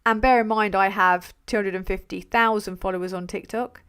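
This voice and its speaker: A woman's voice: mid-range voice, steady tone, fairly quick, a bit bright, clear, resonant tone. A woman hosting a live stream, talking bluntly with frequent swearing, rambling between points and reading out viewer messages. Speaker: livestream host.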